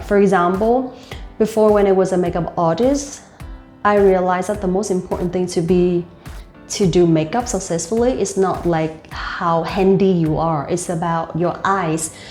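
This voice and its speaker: A woman's voice: mid-range voice, warm tone, roomy sound. A woman giving a casual English speaking lesson, chatty and full of examples. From Vietnam. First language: Vietnamese. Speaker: English coach. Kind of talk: casual teaching talk.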